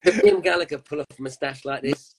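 A man, a musician guest telling anecdotes in a relaxed, chatty way. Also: on the high side, fast, poor audio. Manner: chatty storyteller, laughs often. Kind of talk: casual chat.

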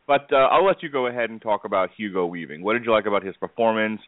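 A man's voice: fairly low pitch, quick pace, no echo. A man hosting a casual movie chat podcast, rambling with many fillers and laughing often. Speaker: podcast host. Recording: tinny phone-like dry sound.

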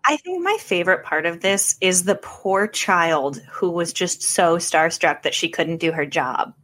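A woman's voice: on the low side, animated, unhurried, fairly bright tone. A woman hosting a podcast, setting up a game and teasing her guests in casual chat. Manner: playful, teasing. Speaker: podcast host.

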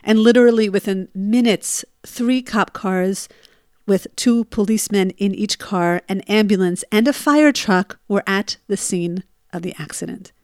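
A woman's voice: medium pitch, a little slow, a little mellow, no room sound. Dry, emotional woman storyteller. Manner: emotional, re-lives her panic in rising bursts. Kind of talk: personal storytelling.

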